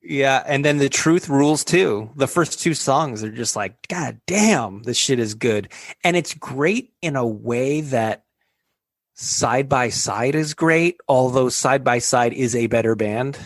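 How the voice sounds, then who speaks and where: A man's voice: medium pitch, lively intonation, slow, dry recording. A man talking as a podcast guest in casual chat, rambling loosely with fillers.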